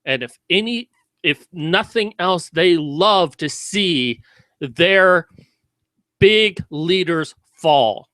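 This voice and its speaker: A man's voice: on the high side, animated, extremely slow, sharp tone, no room sound. A man giving sarcastic, mocking commentary in a video about a news story.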